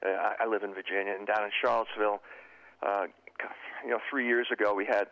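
Male interview guest, former profiler, halting and repetitive, low voice, dull lo-fi audio. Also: fairly even intonation, gravelly, no room sound. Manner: halting, repeats words often. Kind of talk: casual interview talk.

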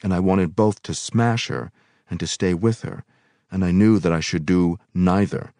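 A man with a deep, low voice reads a novel aloud at a measured, unhurried pace. The recording is dry and close, with no room echo. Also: dark tone. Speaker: reader.

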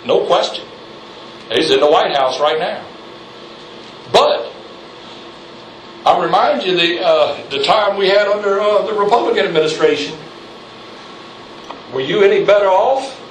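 A man's voice: sits high, expressive, a little slow, long pauses, fairly bright tone, distant mic, slight background noise. A man preaching a fiery sermon as pastor, rising in intensity and calling on the congregation for amens. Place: church sanctuary. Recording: echoey church, mic from afar.

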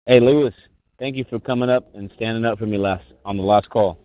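A man's voice: fairly low pitch, fairly even intonation, a little fast, no room sound. Teasing man on a tinny call. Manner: teasing, laughing, joking. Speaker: caller. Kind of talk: casual chat on a group call. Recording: tinny phone-like call audio.

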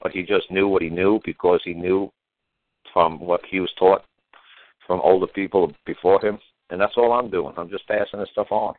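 A man's voice: sits low, no room sound. An older man hosting a radio show, talking in a plain, blunt, repetitive, folksy way over a tinny phone-line sound. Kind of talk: casual talk radio chat.

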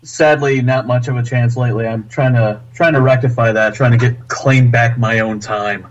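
A man's voice: medium pitch, steady tone, moderate pace. A man, a podcast guest, chatting casually in a wry, self-deprecating way. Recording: dull lo-fi sound.

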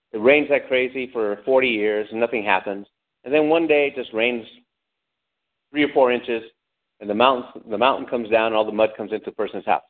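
Preaching man on a tinny lo-fi line. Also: mid-range voice. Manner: animated preaching, calls out to the congregation, acts out angry shouts. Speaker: pastor. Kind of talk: sermon. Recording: tinny phone-like lo-fi sound.

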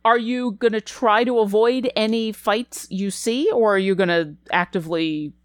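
Woman GM, mid-pitched, narrates scenes and prompts players, dry close sound. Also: moderate pace, clean tone, no echo. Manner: descriptive, asks players what they do. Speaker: game master. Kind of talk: narrating a tabletop game.

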